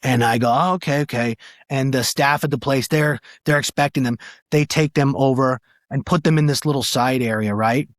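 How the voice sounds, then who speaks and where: A male stand-up comedian telling a story on a podcast, animated and profane, acting out the people in it. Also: mid-range voice, normal speed, no room sound, clean studio sound. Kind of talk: casual storytelling. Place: podcast studio.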